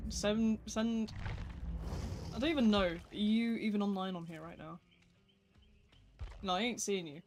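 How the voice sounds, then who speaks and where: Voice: medium pitch, moderate pace, long pauses. A game streamer, giving rambling, self-deprecating live commentary while playing and talking to the chat. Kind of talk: casual live gameplay commentary.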